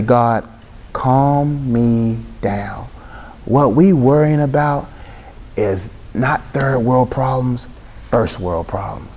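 A man's voice: mid-range voice, darkish tone. A young man preaching a sermon in an emphatic, casual way, mixing slang and humor. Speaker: Christian speaker.

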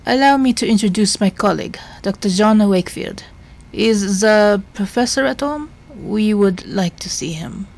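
A woman's voice: medium pitch, darkish tone, lightly acted. A woman reading an earnest Victorian doctor. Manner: formal, measured.

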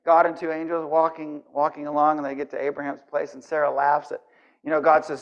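Guy preaching in church, kinda high voice, chatty and lively, muffled audio. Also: normal speed, gravelly. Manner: animated, conversational, acts out scenes. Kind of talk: sermon.

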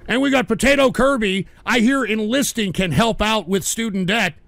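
A man's voice: high-pitched, moderate pace, gravelly, fairly bright tone, no echo. A man hosting a live stream, reading out donations and ranting angrily with lots of swearing. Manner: angry, profane ranting. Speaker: livestream host.

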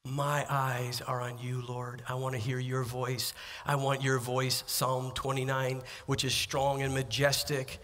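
A middle-aged man pastor preaching a sermon, emphatic, rising to loud peaks and dropping to quiet asides. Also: mid-range voice.

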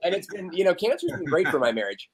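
A man's voice: sits high, big pitch swings, fast, slightly rough. A young adult man, a podcast guest, talking candidly and animatedly in casual conversation and acting out the voices he quotes.

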